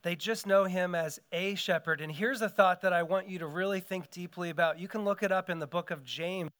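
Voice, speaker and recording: A man's voice: high voice, a bit bright. A middle-aged man preaching a sermon as pastor in an earnest style, his voice rising and falling for emphasis.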